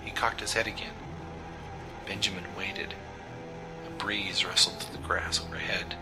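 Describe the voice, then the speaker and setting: Man, somewhat low voice, dramatic storybook narration with music under it. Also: steady tone, low-quality recording. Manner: dramatic, measured reading with tension. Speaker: audiobook narrator. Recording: narration over clear background music.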